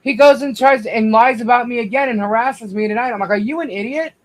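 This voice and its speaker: A man with a high voice tells his side at length, circling back with restarts and fillers. He keeps turning to speak to the viewers directly in a casual livestream chat. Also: fairly even intonation, fast talker, poor audio. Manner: rambling, restarts, addresses viewers. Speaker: guest.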